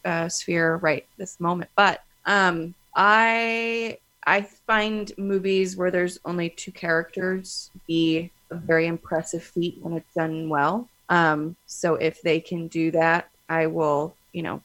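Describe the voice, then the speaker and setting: A woman co-hosting a casual film chat, measured and thoughtful with some ums. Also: lowish voice, steady tone, a bit bright, dry recording. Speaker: podcast co-host.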